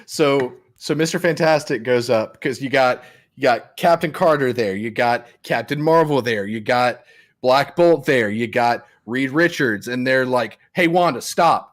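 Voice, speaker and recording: A man's voice: mid-range voice, unhurried. A man co-hosting a podcast, animatedly recapping a film, laughing often and acting out the scenes. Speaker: podcast co-host. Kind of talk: casual movie recap chat.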